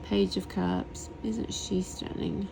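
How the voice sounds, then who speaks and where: A woman reviewing a tarot deck in a soft, hushed voice, often slipping into whispers and lingering on words as she gushes over the artwork. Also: mid-range voice, level tone, slow, creaky, noisy background. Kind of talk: soft-spoken tarot deck flip-through.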